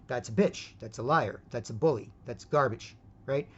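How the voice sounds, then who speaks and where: A man's voice: medium pitch, normal speed, breathy edge. Rambling man on a lo-fi vlog. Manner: rambling, repeats 'right?', restarts. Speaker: vlogger. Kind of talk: rambling monologue. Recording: dull lo-fi recording.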